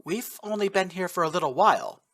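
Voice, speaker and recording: A man voicing a calm, formal male soldier who speaks in a measured, grave way. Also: high voice, voice pushed up, heavily acted.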